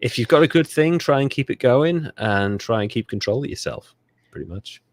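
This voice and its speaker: A man's voice: mid-range voice, expressive, normal speed, no echo, clean studio sound. A man co-hosting a comedic history podcast, joking and swearing freely as he riffs on the story. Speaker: podcast co-host. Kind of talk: casual comedic history chat.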